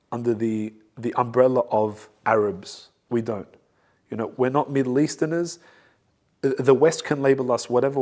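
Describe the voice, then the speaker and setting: A man of ordinary mid-range pitch hosts his own show as a reverend, talking in a loose, animated monologue. He hammers his points home by repeating them and drops in jokes along the way. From Assyrian community. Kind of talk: casual talk-show monologue.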